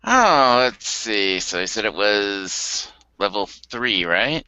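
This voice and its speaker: A man's voice: fairly low pitch, lively intonation, slow pace, sharp tone, clean tone, no room sound. A man playing a superhero at a tabletop game, switching between character and table talk. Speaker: player. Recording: dry, slightly lo-fi audio.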